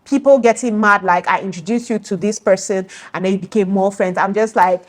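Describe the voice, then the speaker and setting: A young woman talks casually at a mid pitch. She speaks in an animated way, acting out quoted friends and chuckling between points. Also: fairly quick. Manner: animated, acts out quoted friends, laughs often. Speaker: video host. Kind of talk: casual opinion monologue.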